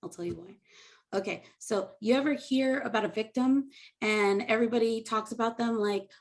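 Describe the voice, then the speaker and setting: Rambling woman doing stand-up, high voice. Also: normal speed. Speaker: stand-up comedian. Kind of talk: stand-up set on a video call.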